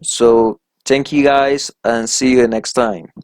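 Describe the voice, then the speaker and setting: A man with Spanish as his first language teaches an English grammar lesson at an unhurried pace. His voice sits mid-range for a man and sounds dry and close. He explains each rule methodically and keeps checking that his students are following. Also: mid-range voice, steady tone, darkish tone, no room sound. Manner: methodical, checks in with "right?" after each point.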